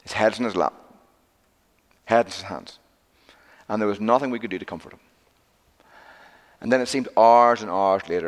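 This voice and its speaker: In a big-room sound, a middle-aged man preaches a sermon with a lowish voice at a moderate pace. He is emphatic and repetitive, swinging between loud declarations and hushed near-whispers.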